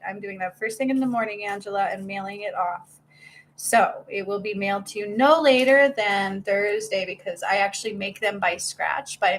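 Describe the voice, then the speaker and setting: Bubbly, excitable woman medium. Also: a little high, a little hiss or hum. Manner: bubbly, excitable, laughs often. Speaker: spiritual medium and healer. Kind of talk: live-stream reading.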